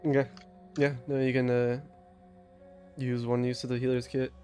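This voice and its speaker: A young man running a tabletop game as game master, talking in a loose, relaxed way with lots of fillers and restarts. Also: mid-range voice, moderate pace, faint music behind. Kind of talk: casual tabletop game narration.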